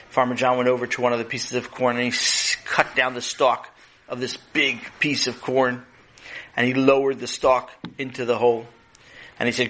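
A man's voice: mid-range voice, fairly even intonation, moderate pace, pushed and bright. Playful man telling a children's story. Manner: playful, addresses listeners directly.

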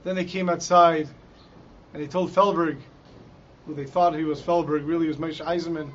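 High-voiced man telling a Torah story. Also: fairly even intonation, normal speed. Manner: dramatic storyteller, shouting out quoted lines. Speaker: Torah teacher. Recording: dull lo-fi recording.

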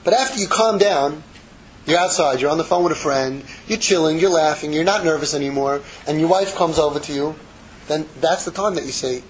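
A man giving a casual, animated Torah class, acting out little dialogues and dropping in Hebrew phrases. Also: a little high, fairly quick, a little hiss or hum, poor audio. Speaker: Torah teacher.

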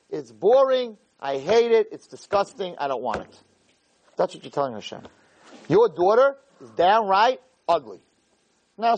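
A man's voice: a little high, a little mellow, low-quality recording. A man giving a humorous sermon as a rabbi, telling a story with acted-out dialogue and speaking directly to his listeners. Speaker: rabbi teaching a class.

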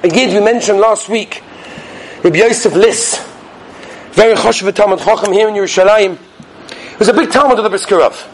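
A male rabbi delivers a Torah sermon in a very high voice for a man. He is animated, rising to loud stresses and dropping to hushed asides. A faint hiss sits under the speech. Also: a little fast, pauses often.

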